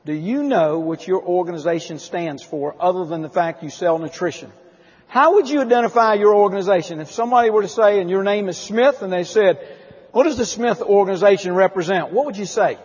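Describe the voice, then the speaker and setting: High-voiced man speaking in a hall. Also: darkish tone, slightly rough. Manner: emphatic storytelling, asks the audience questions. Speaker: motivational speaker at a company conference. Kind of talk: conference keynote speech. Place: large conference hall. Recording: dull lo-fi audio with long hall reverb.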